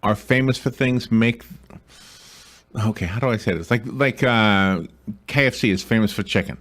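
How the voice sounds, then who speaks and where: A man co-hosting a local radio show, easygoing and quick to laugh, taking a caller. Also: mid-range voice, fairly bright tone. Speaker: radio co-host. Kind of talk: casual radio chat.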